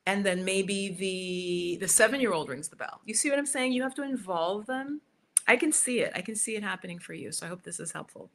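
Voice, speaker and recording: A woman's voice: medium pitch, fairly quick, fairly bright tone. A woman in her fifties, a yoga teacher, answering viewers in a chatty, encouraging live Q&A, repeating her points, recorded on a computer mic at home.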